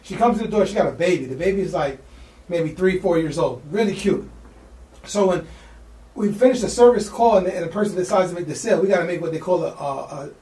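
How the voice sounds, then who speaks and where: A man, telling a wild story as a podcast guest, slangy and excited, acting out the people in it. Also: high voice, fast talker, roomy sound, recorded from a distance. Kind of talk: animated storytelling.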